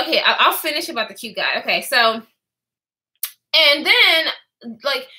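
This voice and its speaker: This is a woman in her twenties with a high-pitched, pushed, bright voice, chatting candidly in a storytime vlog. She's profane and chatty, responding to live comments as she goes.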